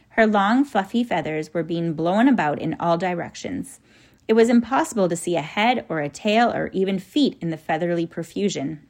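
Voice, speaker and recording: A woman narrating a children's storybook in a soft, even, descriptive manner. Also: lowish voice, creaky. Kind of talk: audiobook storytelling.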